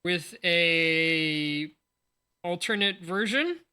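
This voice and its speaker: A man's voice: on the high side, drawn-out words, pushed and bright, clean tone. A man in his forties with a sleepy morning voice, chatting casually and rambling aloud on a livestream while unboxing cards. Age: 40s. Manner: rambling, thinks aloud, jokes at himself. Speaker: streamer.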